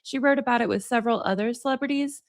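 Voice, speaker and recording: Female livestream host, chatty, reads aloud, a touch high-pitched. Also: fast talker. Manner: chatty, laughs often, reads passages aloud. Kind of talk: casual livestream chat and reading aloud.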